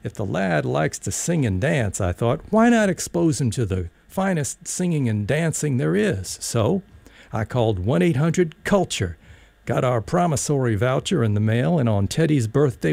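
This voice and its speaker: Brief: male audiobook narrator, very gravelly, husky, wry storyteller. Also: medium pitch, big pitch swings, normal speed, a little mellow, no room sound. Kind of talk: audiobook reading, first-person story.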